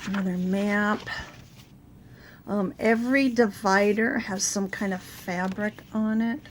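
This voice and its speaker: A middle-aged woman with a raspy voice from a sore throat, chatting casually through her craft project with many fillers. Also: medium pitch, steady tone, slow, a little hiss or hum. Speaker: crafting channel host. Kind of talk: casual show-and-tell craft video.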